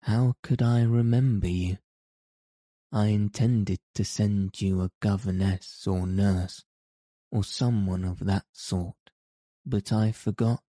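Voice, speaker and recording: A man's voice: lowish voice, fairly even intonation, slow pace, dark tone, dry recording. A man voicing a weary, troubled middle-aged guardian in an audiobook, distracted and muttering. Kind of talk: audiobook character reading.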